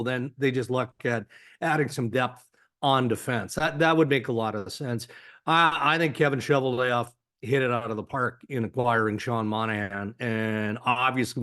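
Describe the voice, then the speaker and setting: A man with a Canadian accent, a hockey insider guest on a podcast, speaking in a measured, analytical way with frequent "you know" fillers. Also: mid-range voice, fairly bright tone. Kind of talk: podcast interview.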